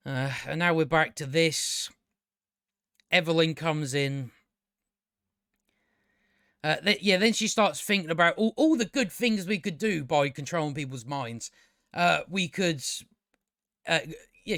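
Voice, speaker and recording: Ranting about a show, the sweary reviewer speaks in a high, a bit bright voice with big pitch swings, a little slowly and with long pauses. He sounds exasperated, stumbling into restarts, and the sound stays dry.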